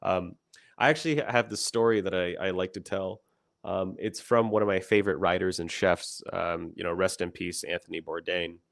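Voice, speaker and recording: A man's voice: low-pitched, normal speed, vocal fry, no room sound, studio quality. A young man hosting a casual livestream, rambling with many fillers and restarts and laughing often. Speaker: company founder hosting a livestream.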